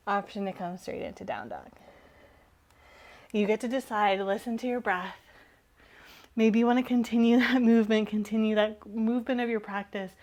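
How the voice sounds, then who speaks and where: A woman instructor giving calm, encouraging yoga cues while moving, slightly out of breath. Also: medium pitch. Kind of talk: guided yoga class cues.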